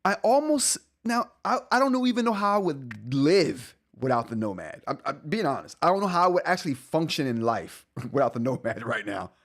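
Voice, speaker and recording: A man's voice: medium pitch, big pitch swings, brisk, hardly any pauses. A man in his forties hosting a live tech stream, talking casually, rambling and correcting himself, often laughing. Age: 40s. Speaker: tech show host.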